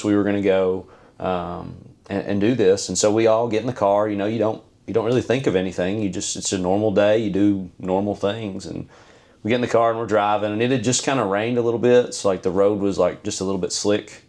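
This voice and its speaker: Podcast guest: man, low-pitched, halting, earnest storyteller. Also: a little mellow. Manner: earnest, halting, many fillers and restarts. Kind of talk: personal storytelling.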